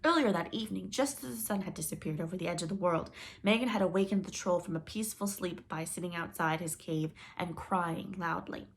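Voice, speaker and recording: A woman reading a children's story aloud with expressive storytelling. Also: fairly low pitch, brisk. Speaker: storybook reader.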